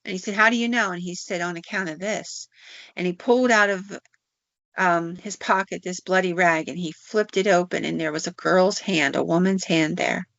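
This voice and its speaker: A woman's voice: fairly low pitch, moderate pace, creaky, fairly bright tone, no room sound. A woman podcast host narrating a folk tale in a folksy, drawling way with casual fillers. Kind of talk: storytelling narration. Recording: dull, dry recording.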